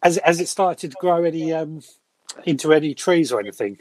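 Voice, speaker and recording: A man's voice: a little high, lively intonation, brisk, darkish tone. Easygoing middle-aged British man. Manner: easygoing, hesitant, agreeable. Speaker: co-host and guest. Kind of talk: casual chat. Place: home room with grow lights. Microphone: webcam or phone mic.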